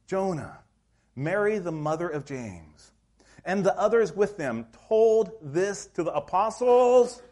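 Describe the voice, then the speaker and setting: A male pastor preaching a sermon in a church, telling the story in a lively, acted-out way. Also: on the high side. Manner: animated storytelling, acts out scenes.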